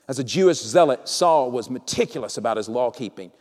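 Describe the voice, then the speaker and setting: A man preaching a sermon as pastor, animated, swinging between loud calls and hushed lines. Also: medium pitch, a little fast. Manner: animated, acts out quotes with sudden loud and soft swings. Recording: long reverb of a large hall.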